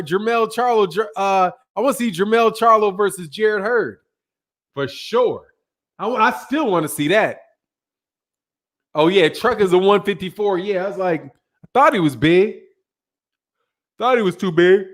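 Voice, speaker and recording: A middle-aged man hosting a boxing channel, chatting casually and a little tiredly, rambling with slang and self-corrections as he reads viewer comments. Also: sits high. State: tired, yawning. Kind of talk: casual livestream chat reading viewer comments.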